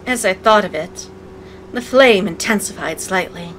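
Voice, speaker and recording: A woman's voice: mid-range voice, unhurried, fairly bright tone, slight background noise, rough recording. A woman narrating a visual novel aloud as a let's play, breaking in with sarcastic, playful asides. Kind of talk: reading game text aloud with commentary.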